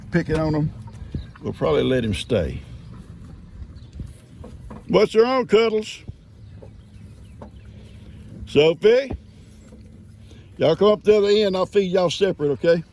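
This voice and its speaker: A man's voice: a little high, vocal fry. An older man, chatting casually and rambling as he walks his farm and calls to his animals. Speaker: farmer vlogger. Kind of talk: casual running commentary. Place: outdoors on a farm. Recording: loud outdoor vehicle noise.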